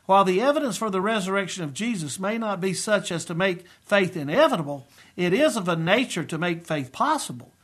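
A middle-aged man preaching in an earnest, emphatic way, slowing down to stress key phrases. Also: high-pitched, a bit bright. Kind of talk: sermon-style teaching.

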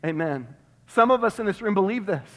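Guy pastor preaching, kinda high voice, repeats stuff for punch, echo trailing off in the church. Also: lively intonation, a little fast. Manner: emphatic, repeats phrases, drops to a hush on key words. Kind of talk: sermon. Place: church sanctuary. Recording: long reverb of a church hall.

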